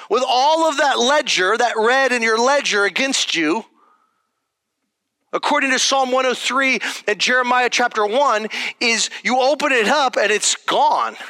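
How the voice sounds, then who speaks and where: A man delivers a sermon as a pastor, talking to his congregation plainly and with emphasis. His voice sits high and sounds bright and keen. The sound is close and dry. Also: no echo. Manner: conversational and emphatic, checking in with "okay?".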